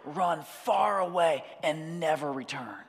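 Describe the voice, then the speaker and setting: A man's voice: on the high side, slow, creaky. A man voicing a scheming male lion villain, a cruel uncle who hurls accusations, heard with a long hall reverb. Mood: urging. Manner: accusing, urgent, raised and drawn out.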